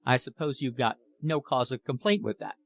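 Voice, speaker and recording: A man voicing a pompous, talkative shop manager with a Cockney accent and a high, metallic voice. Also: lively intonation, moderate pace, creaky.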